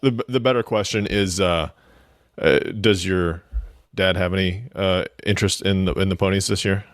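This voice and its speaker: A man's voice: deep voice, fairly even intonation, moderate pace, no echo. A man co-hosting a money radio show, teasing his partner with dry sarcasm. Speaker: radio co-host. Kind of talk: casual banter.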